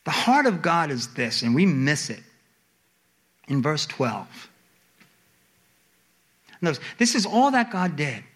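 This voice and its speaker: A male preacher delivers a sermon in a high, animated voice that climbs into emphatic pleas. He takes his time over each phrase, and his tone is bright and forceful. Now and then he stops to quiz his listeners. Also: takes it slowly, long pauses, slightly rough. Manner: asks the congregation questions.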